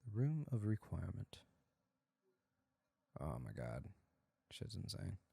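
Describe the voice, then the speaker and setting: Deep-voiced man rambling excitedly. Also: slow pace, creaky, husky, no echo. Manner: excited, rambling gamer talk. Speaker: podcast co-host. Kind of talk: casual chat.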